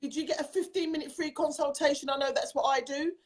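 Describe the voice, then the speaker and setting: A chatty, teasing woman with a South London accent hosts a relaxed chat over a video call. Her voice sits high for a woman. She talks freely and jokes with her guest. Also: quick pace. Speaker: host.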